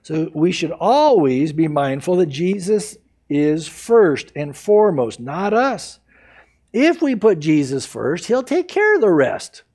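A man preaching an expository sermon as pastor, emphatic and animated, acting out the people he quotes. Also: fairly high pitch, slow pace. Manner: acts out quoted people in varied voices.

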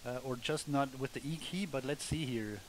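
A man's voice: mid-range voice, normal speed, background noise. A man casually commenting on a hunting video game as he plays, thinking aloud with wry asides. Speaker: gamer, let's play host.

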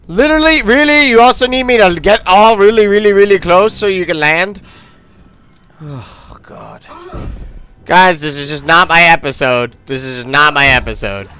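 Irritated, sweary gaming commentator, lively voice. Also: male voice, a little high, a little hiss or hum. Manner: frustrated, sarcastic, swearing often. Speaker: let's play commentator. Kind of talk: casual gameplay commentary.

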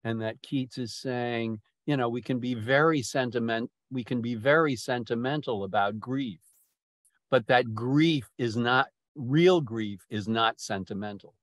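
A man guides a group through a poem, slowly and haltingly, restarting his phrases as he searches for words. His voice is mid-pitched and the sound is dry and close. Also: no echo. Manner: slow, restarting often, lingering over words. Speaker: poetry discussion leader. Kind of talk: thoughtful discussion, halting.

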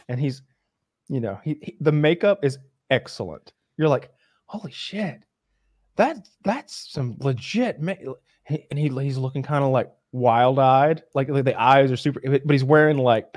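A man's voice: mid-range voice, moderate pace, darkish tone. A man co-hosting a podcast, rambling through a story in casual chat with many restarts. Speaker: podcast co-host.

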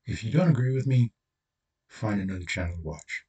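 A man's voice: lowish voice, animated, brisk, dark tone, husky, distant mic. A man hosting his own channel, delivering an angry, profane solo rant with blunt, confrontational talk. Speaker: channel host.

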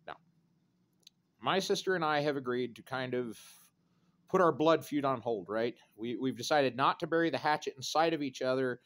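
A man in his thirties rambling through a profane, sardonic vlog rant with dark jokes. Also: mid-range voice, normal speed. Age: 30s. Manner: sardonic, profane, darkly joking. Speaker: vlogger.

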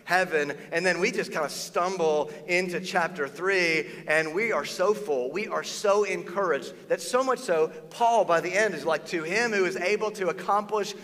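A man preaching a sermon as a pastor, conversational and animated, slipping into quoted voices. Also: high-pitched, moderate pace, hardly any pauses. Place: church auditorium. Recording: long reverb of a church hall.

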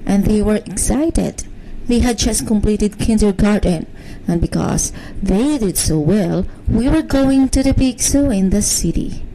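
A woman reads a bedtime story in a gentle, soothing voice. She takes it very slowly. Her tone is warm and mellow. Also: medium pitch, slight background noise, low-quality recording. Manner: slow, gentle, soothing read-aloud.

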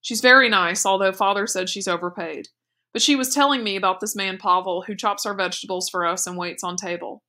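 A woman's voice: mid-range voice, fairly quick, pushed and bright, natural voice. A woman reading aloud, voicing an eager, insistent young boy in an audiobook.

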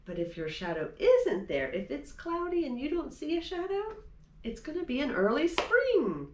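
A woman reading a storybook aloud to children, gentle and expressive as a librarian at storytime. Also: high-pitched, normal speed, noisy background.

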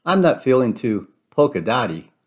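A man's voice: medium pitch, sing-song, moderate pace. A man voicing a folksy, forgetful female cartoon cow in a storybook read-aloud, with homespun talk.

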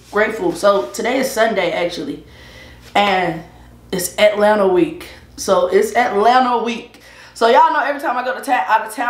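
Chatty woman vlogging in a roomy space. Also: medium pitch. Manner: chatty, loose and talkative, repeats herself. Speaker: mukbang vlogger, host. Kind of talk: casual chat while eating. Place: indoors at her eating setup.

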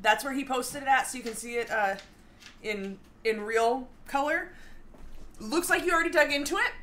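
A woman's voice: high-pitched, normal speed, fairly bright tone, slight background noise. A woman co-hosting a home baking livestream, reading viewer comments aloud and laughing often as she chats. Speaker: cooking show co-host. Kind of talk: casual livestream chat.

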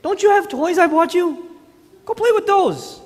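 A man voicing an irritable, tired father who shouts at his child to leave him alone. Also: extremely high pitch, expressive, measured pace, in a large hall, voice pushed up. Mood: exasperated. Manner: loud, exasperated, strained.

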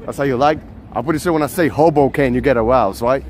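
A man's voice: mid-range voice, fast, a little mellow, slight background noise. A man hosting a casual walking live stream, chatty and teasing his viewers, outdoors on city streets. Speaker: vlogger, live-stream host.

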